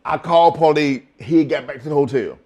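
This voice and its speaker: A middle-aged man telling profane, animated stories as a guest in a shoot interview. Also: fairly high pitch, fairly quick. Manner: profane, animated storytelling with acted quotes. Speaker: interview guest, former wrestler.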